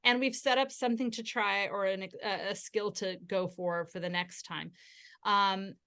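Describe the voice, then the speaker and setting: A woman guest on a podcast interview, explaining parenting ideas in a steady, instructive way. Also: mid-range voice, moderate pace, smooth. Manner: acts out gentle parent quotes.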